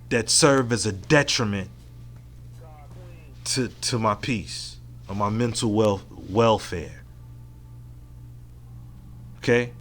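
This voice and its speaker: A solo podcast host talks into a mic at home in a medium-pitched, fairly bright voice. His casual monologue is frank, reflective and full of profanity.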